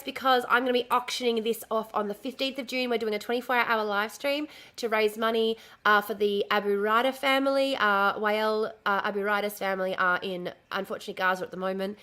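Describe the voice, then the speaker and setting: A woman live-streaming from home, a chatty streamer with a bright, forward voice pitched a little high. She wanders between thoughts, drops casual swears and restarts her sentences as she goes.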